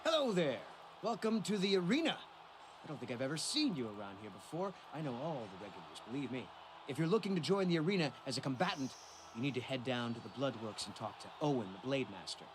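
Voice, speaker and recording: Game NPC, man as a glib arena bookmaker, lively sing-song pitch, salesman charm. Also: quick pace, background noise, close to an everyday voice. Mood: salesy. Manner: friendly salesman patter. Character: smooth-talking male arena betting agent. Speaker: video game character.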